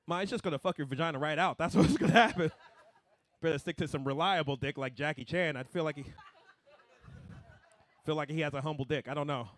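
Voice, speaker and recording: A young man doing a stand-up comedy set, animated, swinging between mumbled asides and loud punchlines. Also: on the high side, a little fast, long pauses.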